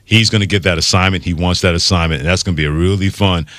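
A man's voice: low voice, steady tone, fast talker, a bit bright, dry recording. A man hosting a sports radio show, firm and emphatic in his opinions. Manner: firm, emphatic, with ready agreement.

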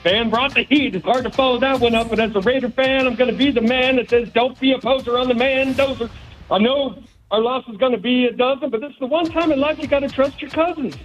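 A male caller with a very high voice delivers his take in rhymes. He is a little quiet and hard to make out. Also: fast, faint music behind, rough recording.

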